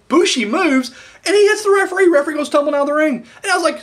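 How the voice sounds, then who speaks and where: Brief: young man, animated bright voice, rambling excitable recap. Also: very high voice, fast talker. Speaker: wrestling show reviewer. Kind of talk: casual recap chat.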